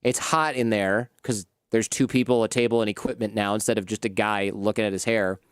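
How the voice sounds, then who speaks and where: A man telling lively anecdotes in a casual interview, acting out the people in his stories. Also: on the low side, brisk, clean tone, no room sound, studio quality. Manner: animated anecdotes, acts out quoted people. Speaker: podcast host as guest.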